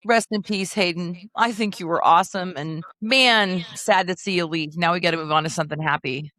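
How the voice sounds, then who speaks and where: A middle-aged woman from the Kansas City area, co-hosting a casual podcast chat and telling stories with lively acted-out quotes. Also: brisk. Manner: animated storyteller, acts out quotes with big pitch jumps. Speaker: podcast co-host.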